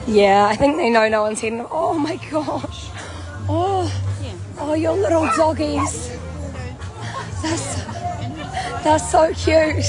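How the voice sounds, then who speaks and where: Young New Zealand woman vlogger, hoarse, bubbly, high voice, unhurried delivery, crowd noise behind. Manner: bubbly, chatty, laughs often. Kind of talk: casual walking vlog. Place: outdoor protest camp. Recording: crowd chanting and music behind.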